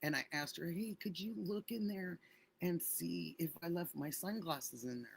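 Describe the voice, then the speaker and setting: A woman's voice: fairly low pitch, moderate pace, gravelly, husky. A middle-aged woman hosting a casual livestream, chatting effusively and thanking viewers by name. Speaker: livestream host.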